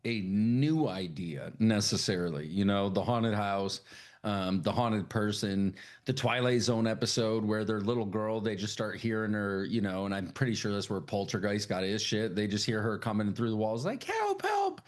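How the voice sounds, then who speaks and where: A man's voice: fairly low pitch, steady tone, moderate pace. A man co-hosting a podcast, chatting casually and profanely, rambling and laughing often. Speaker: podcast co-host. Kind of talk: casual chat.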